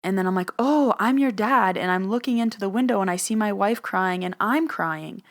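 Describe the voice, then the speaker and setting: A woman's voice: mid-range voice, fairly quick. A young adult woman, a medium, telling a story in a casual, chatty way, often saying "like" and acting out what she and others said. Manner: chatty, says "like" often, quotes herself and others.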